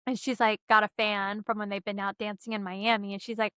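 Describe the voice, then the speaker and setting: A woman's voice: medium pitch, fast talker, few pauses, smooth, dry recording, clean studio sound. A young woman cohosting a podcast, chatting casually about a movie and acting out its scenes. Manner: animated, acts out scenes with quoted voices.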